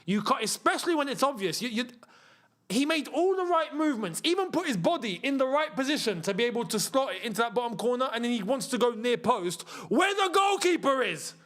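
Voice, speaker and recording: Young lad hosting a football watchalong. High, bouncy voice that jumps up to shouts at every big chance. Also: male voice, a little fast. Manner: excitable, shouts at missed chances, banters with chat. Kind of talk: live match watchalong commentary.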